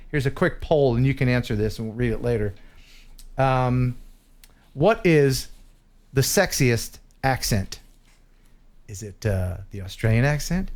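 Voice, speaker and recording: A man from the United States hosting a casual live stream, joking and reading viewers' chat messages aloud. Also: medium pitch. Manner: jokey, teasing, reads chat messages aloud. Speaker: host.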